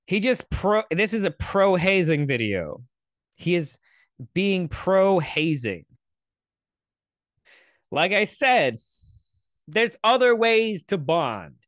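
A man riffing through a casual reaction commentary, cursing freely and drifting off into sarcastic tangents. His voice sits on the high side, and the sound is dry and close with no room around it. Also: big pitch swings, slow, long pauses, fairly bright tone, no room sound. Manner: profane, rambling, sarcastic asides. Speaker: commentary host.

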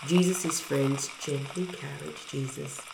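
A woman reads a children's storybook aloud with an earnest, heartfelt delivery. Her voice is low and gravelly and she takes her time, in a room with a clear echo. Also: steady tone, slow pace, over loud music. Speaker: parent reading to listeners. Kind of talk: storybook reading. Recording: roomy echo.

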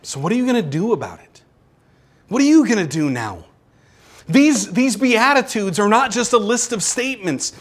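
A male pastor preaching a sermon, pressing his listeners with repeated rhetorical questions and swinging between urgent and hushed. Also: high-pitched, sing-song, moderate pace.

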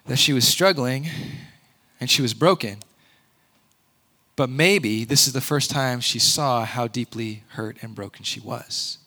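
A man preaching a sermon, conversational and earnest, often rising to loud emphatic peaks. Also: medium pitch, a little slow. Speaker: pastor.

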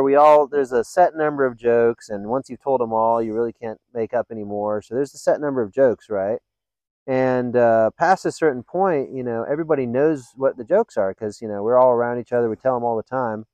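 A man hosting a casual podcast, spinning funny stories with lots of laughter. His pitch sits in the middle range. The sound is dry and close, with no room echo. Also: a little fast. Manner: animated joke-telling, laughs often. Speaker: podcast host. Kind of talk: casual storytelling chat.

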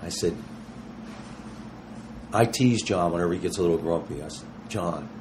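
A man in his sixties with a fairly low voice, talking as a guest in a casual interview. He tells animated stories full of slang and acts out what others said, with a faint hum of noise behind him. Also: moderate pace. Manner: animated, slangy storyteller who acts out quotes. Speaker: touring rock musician, guest.

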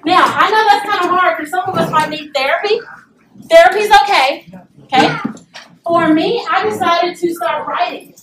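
A young woman giving a lively motivational talk to a live audience, often acting out voices and asking them to respond. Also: very high-pitched. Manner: animated, acts out voices and calls for audience response. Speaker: speaker at a parent event. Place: meeting room with live audience. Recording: echoey room, distant mic, faint noise.

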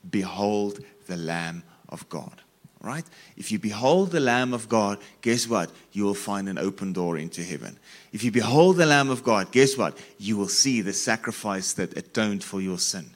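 A man's voice: fairly low pitch, lively intonation, normal speed. A man preaching a sermon, repeating phrases and stressing key words as he reads scripture.

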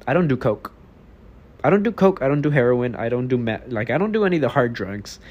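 A man's voice: medium pitch, expressive, quick pace, a little mellow, highs cut off. An eighteen-year-old man from Texas hosting his own podcast, talking alone in a rambling, blunt, profane way. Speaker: podcast host. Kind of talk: casual solo podcast monologue.

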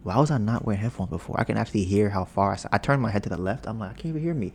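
Low-voiced man rambling on his podcast. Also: rapid-fire, darkish tone, slight background noise. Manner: rambling, joking, boastful about his smooth voice. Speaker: podcast host. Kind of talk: casual podcast chat. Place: home, storm outside. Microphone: podcast mic with headphones.

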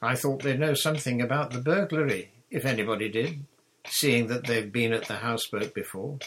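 A man's voice: medium pitch, moderate pace, a bit bright, slightly rough, voice pushed up. A man reading a storybook, voicing a big village policeman who starts stern and turns sheepish and pleading. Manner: flustered, deferential, pleading.

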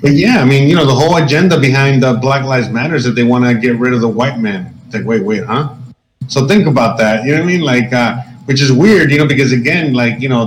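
A man's voice: mid-range voice, echoey room, slight background noise, poor audio. A man co-hosting a casual political chat, rambling and swearing, with a lot of fillers. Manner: rambling, profane, many fillers. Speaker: podcast co-host.

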